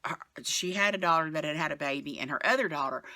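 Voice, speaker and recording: A woman's voice: deep voice, fast, bright, forceful tone, no room sound, clean studio sound. A middle-aged woman, vlogging from her bed in a frank, rambling chat that trails off and comes back with sighs. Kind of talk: casual chatty vlog. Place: bedroom, sitting on the bed.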